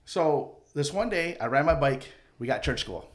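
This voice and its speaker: A man's voice: a little high, expressive, normal speed. A man from a Mohawk community telling a rambling, profane childhood story on a podcast, acting out the people in it. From Akwesasne Mohawk community. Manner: rambling, profane, jokey anecdotes with acted-out quotes. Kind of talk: casual storytelling chat.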